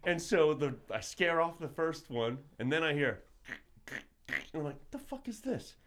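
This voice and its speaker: A man rambles through a story in loose podcast chat, swearing often and acting out what he said and thought. His speaking voice sits on the higher side for a man. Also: measured pace. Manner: profane, animated storytelling with voiced asides. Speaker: podcast regular telling a story. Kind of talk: casual chat.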